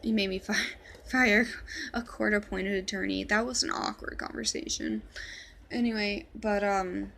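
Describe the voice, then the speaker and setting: A woman's voice: mid-range voice, fairly even intonation, normal speed, vocal fry, a bit bright, a little hiss or hum. A woman telling a personal story in a casual vlog, blunt and swearing freely as she quotes others. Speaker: vlogger.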